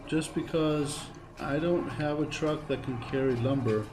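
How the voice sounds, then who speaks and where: A man's voice: fairly high pitch, unhurried, noisy background. A tired man chatting to viewers while streaming a game, repeating phrases as he talks. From Greece. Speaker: gaming streamer. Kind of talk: casual live gameplay chat.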